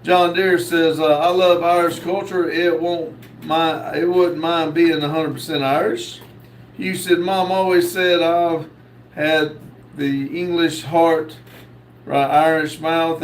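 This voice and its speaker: A man hosting a live stream, reading viewer comments aloud and answering them, with many pauses and fillers. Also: on the high side, echoey room, recorded from a distance, slight background noise, poor audio. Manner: slow, reads comments aloud with many uhs. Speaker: host reading live chat. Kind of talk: casual live stream chat.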